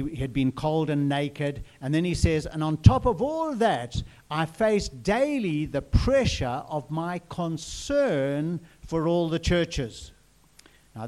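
A man's voice: medium pitch, warm tone. A man preaching a sermon in an earnest way, repeating phrases and asking the listeners questions.

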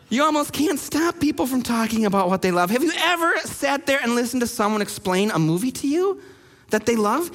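A man who pastors a church, preaching a sermon and telling stories with lively acted-out quotes. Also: very high voice, brisk, big-room sound. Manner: animated storyteller acting out quoted people. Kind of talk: sermon storytelling.

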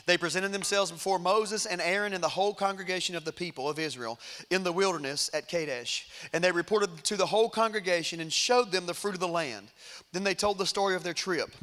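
A man preaching a sermon, retelling a story dramatically and swinging between hushed and loud. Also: sits high, fairly quick.

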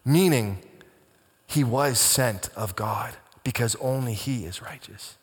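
A male pastor preaching a sermon with dramatic swings between hushed and booming delivery. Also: slow pace, in a large hall.

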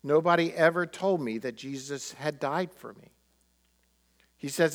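Man preaching with a lively, higher voice. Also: a little slow, pauses often. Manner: animated storyteller acting out quotes. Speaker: pastor. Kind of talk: sermon storytelling.

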